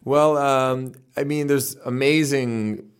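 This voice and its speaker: A man from Canada, a musician, answering interview questions in a chatty, animated way with lots of fillers. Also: mid-range voice, slow pace, clear, resonant tone. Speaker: interview guest, band musician.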